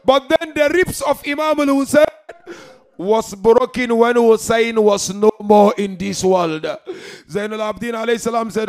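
A man preaching a mourning sermon, half-singing the story with emotional, loud cries. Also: very high-pitched, normal speed. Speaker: preacher reciting a mourning narration.

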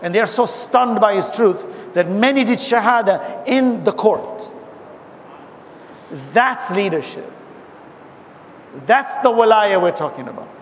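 A man's voice: high-pitched, lively intonation, a little slow, long pauses. A man giving an impassioned religious talk to a gathering, reciting Arabic verses between his explanations. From abroad, now living in America. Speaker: Islamic speaker. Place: hall with an audience. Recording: hall reverb, faint noise.

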